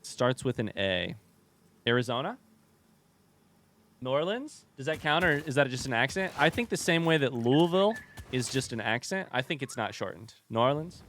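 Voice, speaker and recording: This is a casual livestream chat from a young American gamer with a medium-pitched, expressive, fairly bright voice at a moderate pace, with a little hiss or hum in the recording. He wanders from topic to topic, tosses in jokes, and interrupts himself mid-sentence.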